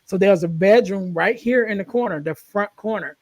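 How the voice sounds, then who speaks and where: A man's voice: high voice, brisk, no room sound. A man hosting a podcast, telling stories in an earnest, rambling way with many restarts. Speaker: podcast host. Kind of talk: casual conversational storytelling.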